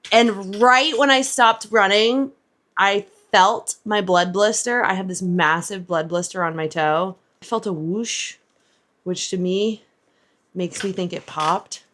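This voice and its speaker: A woman's voice: medium pitch, slow pace, fairly bright tone. A woman vlogging about her running, talking candidly and chattily with lots of "like", worn out after a hard run and filming outdoors. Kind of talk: casual vlog chat.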